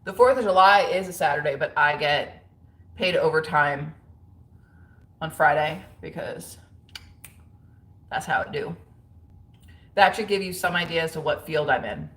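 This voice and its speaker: A woman's voice: low voice, moderate pace, fairly bright tone, recorded from a distance. A woman vlogger in casual, slangy chat to camera. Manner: chatty and slangy.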